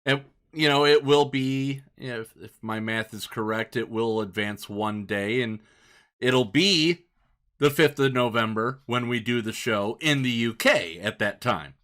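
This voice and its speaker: A man's voice: medium pitch, unhurried, a bit bright. A man hosting a podcast from his home studio, chatting casually in an upbeat, talkative way and often restarting sentences. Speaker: podcast host. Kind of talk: casual chat.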